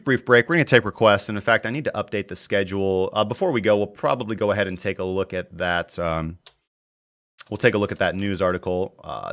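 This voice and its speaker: A man's voice: on the low side, sharp tone. A young man hosting a casual live market-analysis stream, chatty and joking as he reads viewer comments aloud. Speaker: crypto trading livestream host.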